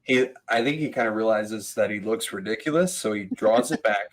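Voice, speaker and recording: A man's voice: on the low side, rough recording. Man telling a story animatedly. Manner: animated storyteller, quick asides and laughs. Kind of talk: casual podcast chat.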